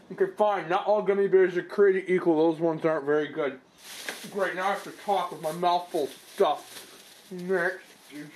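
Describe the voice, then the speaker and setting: High-pitched guy doing a rambly dry review, camera mic, noisy recording. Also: a little mellow. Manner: rambling, dry and self-mocking. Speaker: product review vlogger. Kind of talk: casual unboxing commentary. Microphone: camera microphone.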